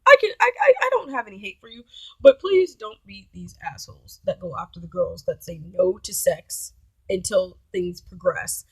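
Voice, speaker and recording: A woman's voice: medium pitch, expressive, moderate pace, slightly rough, dry recording, rough recording. A woman vlogger telling a story in a casual, blunt, profane way.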